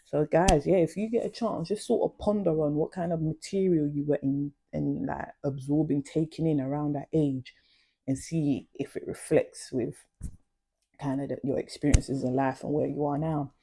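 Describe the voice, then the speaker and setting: A woman's voice: deep voice, steady tone, normal speed, warm tone, slight background noise. A young adult woman, chatting casually and confidingly about her past in slang-heavy storytelling. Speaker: vlogger.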